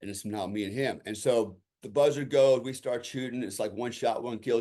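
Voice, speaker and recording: A man's voice: medium pitch, normal speed, warm tone. A man speaking as a podcast guest and telling a story from his military days in a conversational way, acting out the lines of people in it and often tossing in "you know" and "right?". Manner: vivid storyteller who acts out quoted lines.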